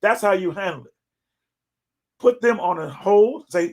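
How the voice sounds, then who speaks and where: A middle-aged man hosting a casual live talk, chatty and animated, sometimes mimicking callers in a raised voice. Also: high-pitched, a little slow. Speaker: host.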